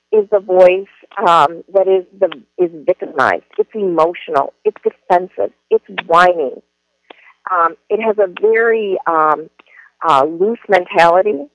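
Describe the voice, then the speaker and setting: High-voiced man explaining earnestly. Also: a bit bright, no echo, poor audio. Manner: earnest and explanatory, with frequent ums and restarts. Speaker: education trainer. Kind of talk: spoken presentation.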